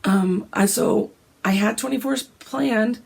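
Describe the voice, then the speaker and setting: A woman, hoarse and gravelly from a cold, chatting casually about her cross-stitch plans and often clearing her throat. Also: takes it slowly, a little mellow. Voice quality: gravelly, deep. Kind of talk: casual chat.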